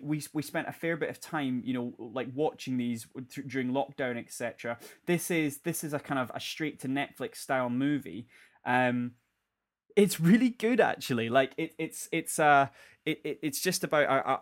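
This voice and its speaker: A man co-hosting a casual film chat, rambling and correcting himself as he goes. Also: medium pitch. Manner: rambling, self-correcting, chatty. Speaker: podcast co-host. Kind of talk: casual chat about films.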